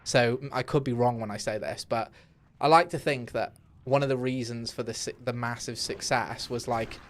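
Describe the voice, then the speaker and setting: A man's voice: medium pitch, fairly even intonation, moderate pace. A young man streaming a game from his home setup, talking in a candid, rambling way with many fillers and restarts. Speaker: gaming streamer. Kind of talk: casual live-stream chat while playing.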